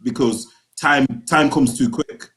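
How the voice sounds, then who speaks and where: A young man co-hosting a football podcast in slangy, animated banter. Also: medium pitch, unhurried. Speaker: podcast co-host. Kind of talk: casual podcast chat.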